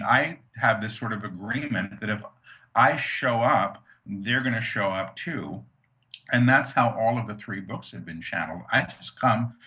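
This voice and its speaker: A man's voice: on the low side, pushed and bright. A man speaking as an interview guest, talking about his work in an earnest, reflective way, with frequent restarts and "you know"s. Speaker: guest, author and medium. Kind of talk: conversational interview.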